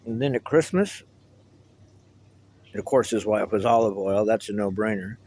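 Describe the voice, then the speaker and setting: A man's voice: on the low side, normal speed, darkish tone, slight background noise, low-quality recording. A middle-aged man talking casually to the camera in a meandering, reminiscing way, with wry asides. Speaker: vlogger. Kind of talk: casual rambling monologue to camera.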